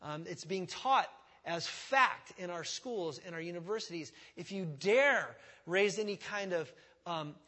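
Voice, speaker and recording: A man's voice: high voice, expressive, a little slow, pushed and bright. A man preaching a sermon in a conversational way, with rhetorical questions, asides and self-deprecating humor. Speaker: pastor.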